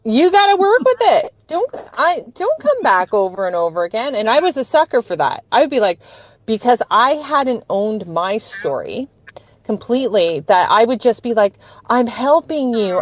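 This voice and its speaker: A woman's voice: medium pitch, no echo, muffled recording. A woman hosting a conversational interview, enthusiastic and affirming toward her guest. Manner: enthusiastic, affirming, laughs easily. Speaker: host.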